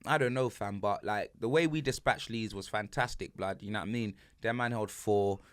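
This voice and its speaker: A man's voice: on the low side, moderate pace, no room sound, clean studio sound. A man hosting a casual sports podcast, ranting animatedly in heavy street slang. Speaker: podcast host.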